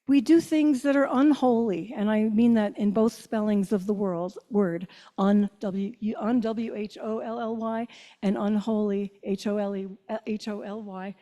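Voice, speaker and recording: An older woman minister giving a reflective sermon, asking her listeners questions and slowing down on key phrases. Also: mid-range voice, steady tone, mellow. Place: church sanctuary. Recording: long church reverb.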